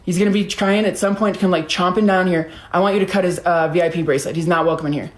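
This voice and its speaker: A woman playing a calm male manager who speaks steadily and firmly. Her own fairly low voice does the part, with a roomy echo behind it. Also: fast, natural voice. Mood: reassuring.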